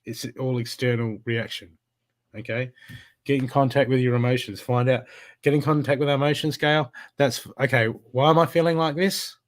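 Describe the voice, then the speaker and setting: A man's voice: mid-range voice, steady tone, normal speed. A man giving a live spiritual card reading, talking in an emphatic, repetitive coaching way. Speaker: intuitive card reader.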